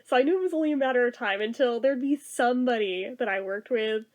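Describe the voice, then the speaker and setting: A woman's voice: a little high, fast talker. A woman vlogger in a casual chat, self-deprecating and giggly as she talks about her day.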